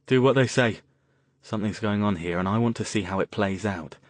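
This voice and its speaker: A man plays a calm, intent mage with a low murmur. He keeps it dry and close, with the deep, unhurried tone of the reader. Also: no room sound, close to an everyday voice. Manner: quiet, murmured.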